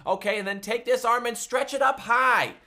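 A man teaching a livestreamed music class for small children, talking in an animated, sing-song way. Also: very high-pitched, moderate pace.

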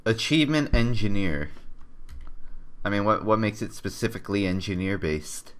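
A man's voice: on the low side, animated, moderate pace. A man giving jokey, sarcastic commentary over game footage as the host of a gaming channel. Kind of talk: gameplay commentary.

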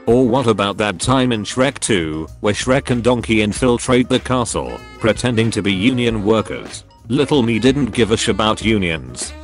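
A man narrating a meme channel, reading funny posts aloud in a dry, matter-of-fact way. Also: fairly low pitch.

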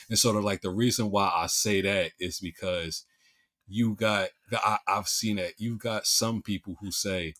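A man's voice: on the low side, steady tone, unhurried, fairly bright tone. A male podcast host with a Philadelphia accent, chatting casually and restarting his sentences often with repeated words.

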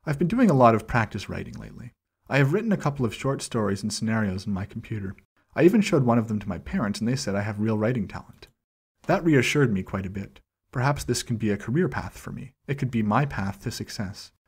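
Low, husky-voiced man reading aloud. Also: lively intonation, fast. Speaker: channel host reading a document aloud. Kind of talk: measured first-person reading aloud.

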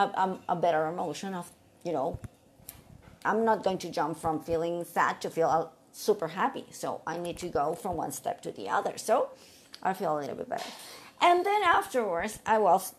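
Earnest middle-aged woman with halting phrasing. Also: mid-range voice, a little mellow, a little hiss or hum. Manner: earnest, repeats herself, speaks in short halting phrases. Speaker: vlogger giving life advice. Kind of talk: casual talk to camera.

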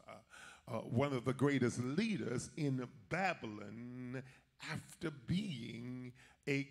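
A male bishop delivers a sermon in a slow, unhurried way. His voice is husky, and his folksy manner has him speaking straight to the congregation. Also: medium pitch, fairly bright tone. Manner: folksy preaching, addresses the congregation directly.

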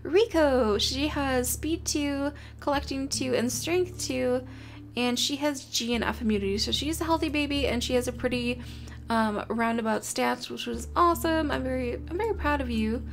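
A woman's voice: sits high, normal speed, vocal fry, a little hiss or hum. A young woman casually narrating her game, chatting to her creatures and easily flustered. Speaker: gaming channel host. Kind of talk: casual let's-play commentary. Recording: soft music behind.

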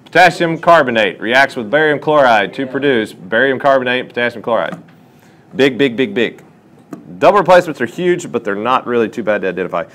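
A man tutoring a chemistry class works through problems and keeps questioning his students in the classroom. His medium-pitched voice runs a little fast, and his lesson has a lively, inquiring teacher's feel.

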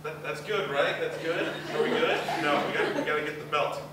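Heard through a distant, very echoey hall mic amid crowd ambience and laughter, a young student comic with a fairly high voice does stand-up at a university talent show. The recording is very noisy, and his set rambles along, self-deprecating and sprinkled with quick acted-out asides.

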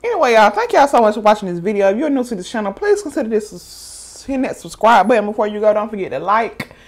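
Female mukbang vlogger, chatty storytime delivery, lively quoting. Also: mid-range voice, fast. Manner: chatty and animated, quoting others in raised voice. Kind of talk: casual storytime to viewers.

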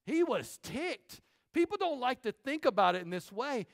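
High-voiced preaching man. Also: creaky. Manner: animated preaching, quick asides to the congregation. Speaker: pastor. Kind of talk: sermon. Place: church sanctuary.

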